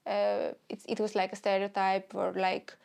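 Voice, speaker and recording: A young woman from Greece with a Greek accent, hosting a comedy podcast in an animated, rambling way. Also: mid-range voice, moderate pace, gravelly, smooth. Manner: animated, rambling, stop-start storytelling. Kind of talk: solo comedic podcast monologue.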